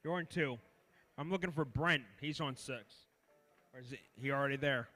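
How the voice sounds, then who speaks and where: A man directing races at an indoor RC car track, briskly calling out driver names, heats and cone positions. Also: medium pitch, sharp tone, faint music behind. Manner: brisk, practical, calls names in quick lists. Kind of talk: announcing driver lineups over a track PA.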